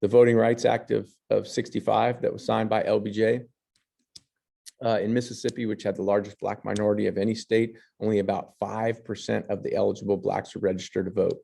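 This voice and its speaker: A man's voice: on the low side, level tone, a little fast, vocal fry, warm tone. A man teaching history, reading passages and then commenting on pictures, with fillers and restarts. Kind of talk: lecture over slides.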